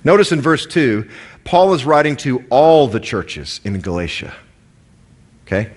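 A man's voice: mid-range voice, big pitch swings, a little slow, breathy edge. A man with a Southern American accent preaching a sermon in a conversational way, with asides and stories. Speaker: pastor.

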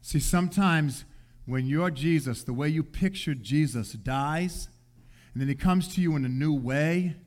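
A pastor with a high-pitched voice delivers a sermon at a measured pace in a relaxed, conversational way. He slips into everyday slang and briefly plays the people in the story, so it feels like he's talking with the congregation rather than lecturing them.

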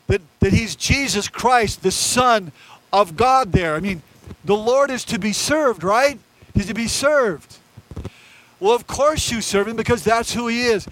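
A man with a very high voice preaches a sermon from the pulpit. He is animated and slips into quoted voices to act out the figures in the story he tells. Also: poor audio. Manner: animated, acts out Peter's and Jesus's lines in quoted voices. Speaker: pastor.

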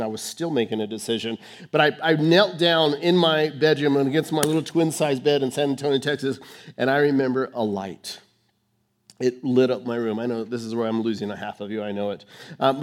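A male pastor preaching a sermon on stage under lights, sharing his testimony with dramatic swings between hushed and emphatic, rushing then slowing for key phrases. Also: medium pitch. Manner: fast rushed delivery, slowing for key phrases.

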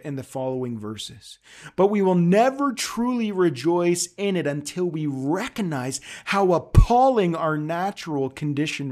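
A man's voice: fairly high pitch, a little mellow. A man preaching an emphatic, conversational sermon outdoors at a church service in a park. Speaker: pastor.

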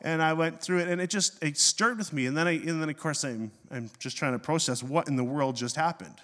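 Pastor preaching with a ringing hall echo. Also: male voice, a little high, a little fast. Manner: storytelling, self-mocking, animated. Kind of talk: sermon. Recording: long hall reverb.

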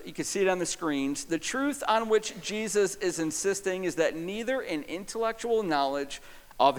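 A man with a high, bright-toned voice delivers a sermon as pastor, pressing his points with emphasis. He swings from loud, stressed phrases down to hushed, close appeals. His voice rings out with a long hall reverb around it.

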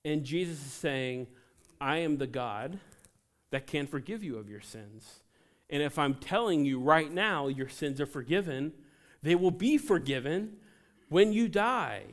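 A man preaching a sermon to a congregation, animated, with joking asides between scripture readings. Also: on the high side, measured pace. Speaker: pastor.

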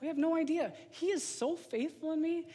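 A man in his thirties, a lay preacher giving an informal, animated sermon to a congregation. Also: very high voice, normal speed. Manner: casual, animated, slangy, talks to the congregation. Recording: long hall reverb.

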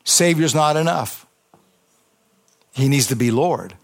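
A man's voice: mid-range voice, expressive, takes it slowly, gravelly. A man, a pastor giving an impassioned, conversational testimony sermon to a congregation in church, with emphatic repetition.

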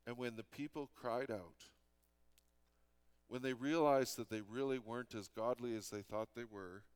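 Earnest Canadian pastor preaching. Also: male voice, medium pitch, steady tone, moderate pace, clean tone. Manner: earnest, conversational preaching with repeated restarts. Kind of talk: sermon.

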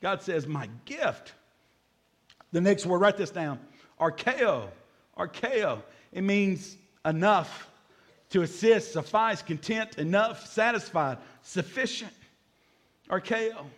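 High-voiced energetic male pastor. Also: slow pace. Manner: energetic, jokes with the congregation, repeats key words. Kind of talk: sermon.

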